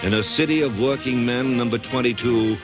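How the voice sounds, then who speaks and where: A man giving dramatic, measured scripted documentary narration. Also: mid-range voice. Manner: dramatic, measured, emphatic delivery. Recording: narration over loud music score.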